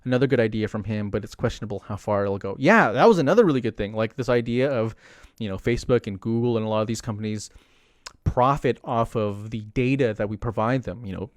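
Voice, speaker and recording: A young man chatting casually on a livestream, rambling with lots of fillers and animated asides. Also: fairly low pitch, fast talker, no room sound, studio quality. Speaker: streamer commenting on politics.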